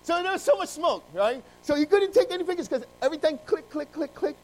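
A man preaching, telling a long story with lively ups and downs of loudness and frequent restarts. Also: very high-pitched, quick pace, poor audio. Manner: animated, jumping between loud emphasis and quiet asides. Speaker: pastor. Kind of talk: sermon with storytelling.

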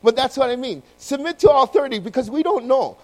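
A man preaching a sermon to his congregation, telling the story in an animated way and acting out the voices. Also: very high voice, fast, rough recording. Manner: addresses congregation directly. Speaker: pastor.

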